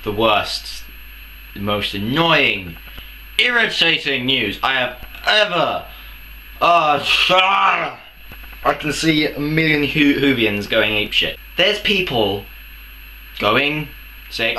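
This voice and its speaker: A man's voice: medium pitch, lively intonation, takes it slowly, pauses often, bright, forceful tone, slight background noise. A young man ranting angrily to camera in a comedic vlog, swearing and firing off rhetorical questions. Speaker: vlogger. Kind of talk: angry comedic rant to camera.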